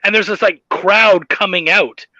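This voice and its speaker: A man's voice: sits high, fairly even intonation, measured pace, pushed and bright, dry recording. A man hosting a casual interview over a video call, laughing often and retelling stories in funny voices. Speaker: podcast host. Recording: dull muffled sound.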